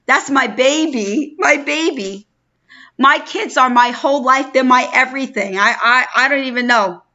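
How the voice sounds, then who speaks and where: Bright high-voiced New York woman, chatty. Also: moderate pace. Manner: chatty and effusive, greets viewers by name. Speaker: livestream host. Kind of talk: casual live-stream chat. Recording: dull lo-fi stream audio.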